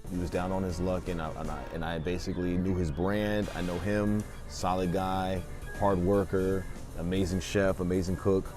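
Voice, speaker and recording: A man's voice: deep voice, little pitch movement, normal speed. A man restaurant owner speaking earnestly in an interview, repeating his words as he thinks. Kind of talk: casual interview. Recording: loud music bed under voice.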